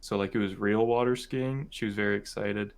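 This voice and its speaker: A man's voice: lowish voice, fairly even intonation, brisk, gravelly. A young man from Michigan, co-hosting a podcast, telling a family story in a rambling, casual way full of "like" and "um". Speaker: podcast co-host.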